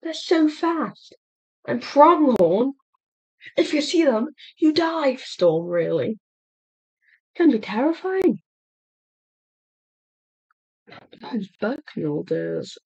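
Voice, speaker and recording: High-voiced woman narrating her gameplay. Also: slow pace, gravelly, long pauses, husky, rough recording. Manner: excitable, talks aloud to animals in the game. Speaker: gameplay streamer. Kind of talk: casual let's-play commentary.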